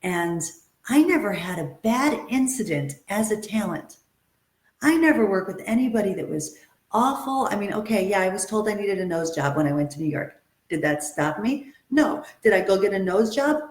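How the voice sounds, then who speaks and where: A woman's voice: mid-range voice, animated, moderate pace, echoey room. A woman acting and modeling coach giving an upbeat, motivational webinar talk, stressing and repeating her key points.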